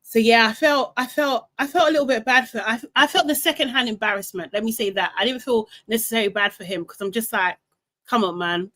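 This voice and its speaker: A young woman hosts a casual live recap stream, chatty and animated, laughing often and reading out comments from the chat. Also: a little high, brisk. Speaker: live show host.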